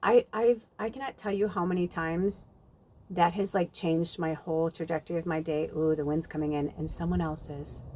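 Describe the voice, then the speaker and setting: A woman's voice: fairly low pitch, fairly even intonation, moderate pace, warm tone, a little hiss or hum. Chatty woman giving a spiritual reading. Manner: chatty, rambling, many fillers. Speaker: tarot reader. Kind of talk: channeled spiritual reading, casual talk. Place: outdoors at night.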